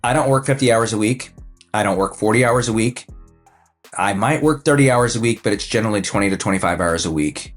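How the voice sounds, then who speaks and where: A man in his fifties, a financial advisor and coach, talks about his work as a podcast guest in a relaxed, anecdotal way, with frequent fillers and restarts. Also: on the low side, brisk, soft background music. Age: 50s. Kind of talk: casual conversational storytelling.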